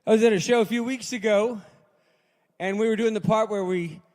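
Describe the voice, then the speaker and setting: A man in his sixties doing a stand-up set at a live open mic, deadpan, dropping low and quiet for his punchlines. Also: brisk. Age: 60s. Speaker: stand-up comedian. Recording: long reverb in a hall.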